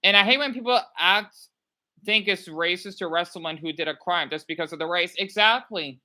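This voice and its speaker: A woman in her thirties from Arizona, with a lowish voice and a slightly fast pace, reacts to videos with opinionated commentary. She rambles animatedly and keeps checking in by asking "right?"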